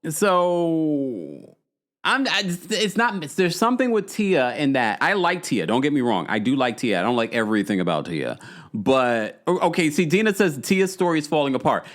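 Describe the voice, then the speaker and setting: Animated male podcast host, lively pitch. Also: moderate pace. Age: 40s. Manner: animated and chatty, with frequent restarts and asides to viewers. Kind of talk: casual reality-TV recap, reading live chat comments.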